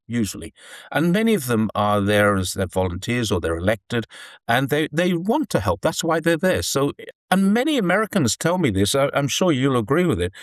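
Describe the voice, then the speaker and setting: A man talks through his ideas in an earnest, meandering way, often restarting his sentences. His voice sits in a middle pitch, and the recording is dry and close with no room sound. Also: no echo. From United Kingdom. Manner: earnest, rambling, with frequent restarts. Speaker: commentator living in China. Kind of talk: conversational discussion.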